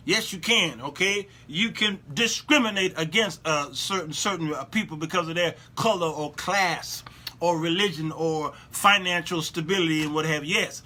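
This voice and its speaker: A male show host giving preachy, sarcastic commentary, animated and repetitive. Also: sits high.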